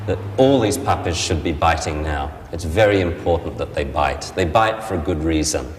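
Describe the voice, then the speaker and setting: A man with a low voice leads a puppy class, his pitch swinging widely as he talks. His delivery is playful and animated. A long hall-like reverb trails behind his words. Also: slight background noise. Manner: lively, playful, acts out dog voices. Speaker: dog trainer. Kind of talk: puppy training lesson.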